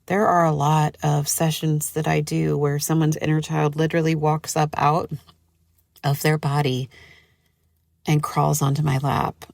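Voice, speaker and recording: A woman's voice: sits low, little pitch movement, measured pace, vocal fry, a little mellow, no echo, clean studio sound. A woman hosting her own podcast, talking casually in a chatty, gushing way with lots of fillers. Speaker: podcast host. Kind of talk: casual solo podcast talk.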